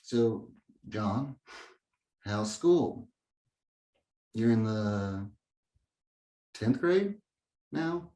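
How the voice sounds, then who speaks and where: A man's voice: lowish voice, echoey room, distant mic, poor audio. A man playing a numb, awkward father. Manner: hesitant, halting, flat monotone. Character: awkward numb middle-aged father, withdrawn.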